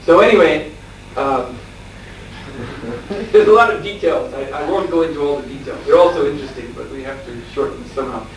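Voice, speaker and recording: A man, a monk lecturer, telling a story in a scripture class, chuckling often and filling his pauses with "uh". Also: on the high side. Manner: storytelling with chuckles and frequent fillers. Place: lecture room at a farmstead. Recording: echoey room, distant mic, faint hiss.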